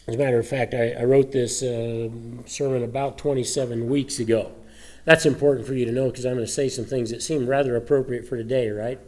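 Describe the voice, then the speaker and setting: A pastor preaches to his congregation in a loose, rambling, conversational way, full of "uh"s and restarts. His voice is dark and mellow, sitting at an ordinary pitch for a man. His throat sounds rough, and he is slightly choked up. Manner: conversational, rambling with many fillers. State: throat trouble, a little choked up. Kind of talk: sermon. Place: church sanctuary.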